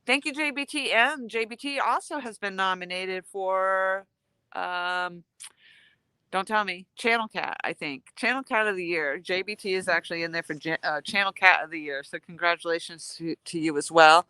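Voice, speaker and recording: A woman's voice: fairly low pitch, normal speed, sharp tone, smooth, no room sound. A woman hosting a casual live stream outdoors while fishing, chatting and thanking viewers by name. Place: outdoors, fishing in freezing cold.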